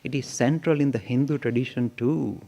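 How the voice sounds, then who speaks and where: A man's voice: medium pitch, normal speed, vocal fry, lo-fi sound. A man giving an emphatic public lecture, often slipping into playful acted-out voices as he makes his points. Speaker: lecturer on religion.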